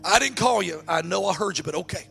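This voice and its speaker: A man voicing a puzzled old male priest who gives flat, confused replies. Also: sits high, fast, gravelly, faint music behind, exaggerated voice.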